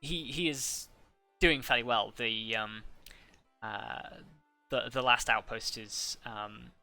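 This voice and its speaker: A man's voice: medium pitch, steady tone, slow pace, vocal fry, pushed and bright, no room sound, soft background music, exaggerated voice. A man playing a polite, hesitant wizard. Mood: courteous. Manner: hesitant, courteous, many fillers. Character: deferential, soft-spoken male wizard ranger.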